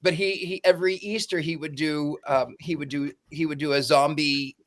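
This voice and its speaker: A man's voice: a little high, steady tone, moderate pace, fairly bright tone. A man co-hosting a casual podcast chat, playful and teasing. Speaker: podcast co-host.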